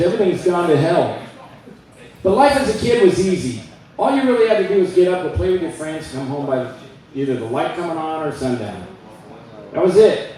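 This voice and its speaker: This man's voice is on the high side with a dark tone as he performs stand-up in a club. His joke-telling is casual and conversational, sprinkled with quick voiced asides. Recording is echoey with a distant mic.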